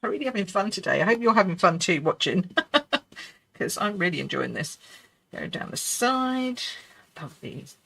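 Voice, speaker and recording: A woman's voice: fairly low pitch, lively intonation, normal speed, vocal fry, long pauses, a bit bright, breathy edge. A middle-aged woman hosting a live card-making lesson, chatty and reassuring, laughing often and talking to herself as she works. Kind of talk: live crafting demonstration.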